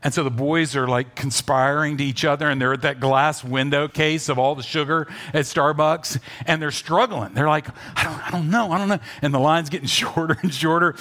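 Animated man preaching. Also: a little high, moderate pace, few pauses. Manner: animated storytelling, shifts between loud urging and soft asides. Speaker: pastor. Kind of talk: sermon.

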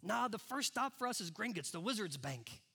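A man voicing a gruff, kindly giant bearded man, loud, rough and reassuring, as he reads from a storybook. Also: high voice, very animated, normal speed, voice pushed up, full character voice.

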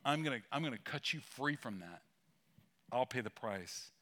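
A man's voice: mid-range voice, animated, normal speed, a bit bright. A man preaching a sermon as a pastor, conversational and emphatic, with asides and humor.

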